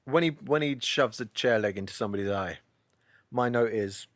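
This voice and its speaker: A man co-hosting a podcast chats casually and animatedly about a film, swearing and laughing often in this laid-back film review talk. His mid-range voice is a bit bright, comes at normal speed, and has no room sound.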